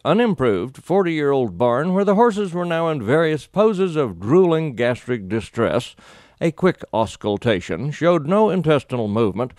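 A man telling a humorous story with a wry, deadpan flair and comic exaggeration. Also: mid-range voice, dry recording, studio quality.

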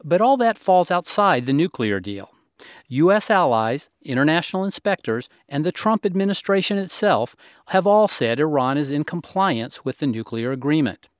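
A male national security correspondent reading a scripted news report in a measured, emphatic way. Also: on the high side, big pitch swings, dry recording, studio quality.

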